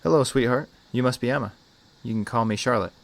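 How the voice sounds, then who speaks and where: A man voicing a kind female social worker who speaks in a gentle, reassuring way. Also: fairly low pitch, brisk, natural voice. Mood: soothing.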